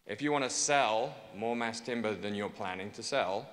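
A man with an English accent speaking to a conference audience, joking and persuasive, repeating his pitch for emphasis. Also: normal speed, a bit bright. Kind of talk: keynote speech to a conference audience. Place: large conference hall. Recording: long hall reverb.

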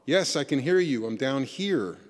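A man voicing a desperate man hanging from a cliff branch, calling out in a raised, higher pleading voice, with long church reverb. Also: animated, unhurried.

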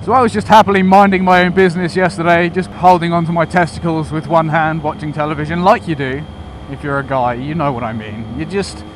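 A man's voice: a little high, fairly even intonation, fairly quick. Crude joking man vlogging from a motorbike. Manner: crude, joking, chuckles often. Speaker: motovlogger. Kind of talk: casual rambling vlog commentary. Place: riding a motorcycle on the road. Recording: loud wind and road noise.

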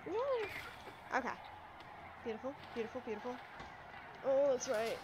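High-voiced excitable woman gaming streamer. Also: a little slow, noisy background. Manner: excitable, yelps and talks back to enemies. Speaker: let's play streamer. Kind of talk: live gameplay commentary.

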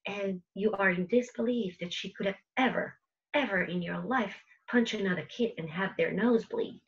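A woman's voice: medium pitch, dull audio. A woman who runs an internet radio station, telling a vivid, dramatic story to an audience with repeated phrases. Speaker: internet radio station host giving a talk.

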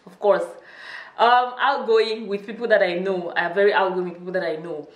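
A young woman talks casually to her channel viewers, chatty and quick to laugh. Her voice sits a little back from the mic in an echoey room. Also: medium pitch, fairly even intonation, recorded from a distance. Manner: chatty, laughs often, teasing. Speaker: YouTuber. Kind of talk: casual vlog chat.

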